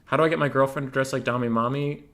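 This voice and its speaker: A man's voice: medium pitch, steady tone, fairly bright tone. A man hosting a casual gaming Q&A, reading community questions and giving joking, offhand answers. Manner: joking, offhand, quick replies.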